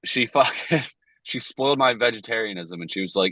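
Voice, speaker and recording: A man's voice: lowish voice, moderate pace, sharp tone, no room sound, poor audio. A man co-hosting a casual podcast, telling stories in a loose, profane way. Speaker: podcast co-host.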